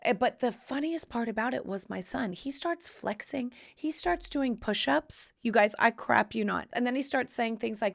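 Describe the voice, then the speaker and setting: A woman's voice: on the high side, normal speed, creaky, hardly any pauses. A woman hosting a podcast, telling stories in a chatty, playful way with sassy asides. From United States. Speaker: podcast host. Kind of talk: casual chat to camera.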